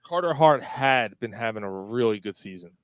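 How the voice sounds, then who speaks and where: A man's voice: lowish voice, normal speed, no echo. A man co-hosting a casual sports podcast, talking bluntly and with plenty of swearing. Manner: blunt, animated, swears freely. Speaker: podcast co-host.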